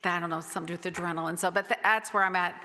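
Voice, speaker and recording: Exuberant woman preaching in a bright voice. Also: fairly low pitch, fairly even intonation, racing. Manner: exuberant, chatty, whoops and laughs often. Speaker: guest pastor. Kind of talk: lively conversational sermon. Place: church sanctuary. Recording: reverberant church hall.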